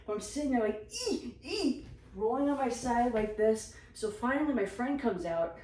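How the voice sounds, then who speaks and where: A woman telling funny personal stories in a casual, animated, self-mocking way. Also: a little high, moderate pace, far from the mic. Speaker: storyteller. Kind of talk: casual storytelling. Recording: echoey room.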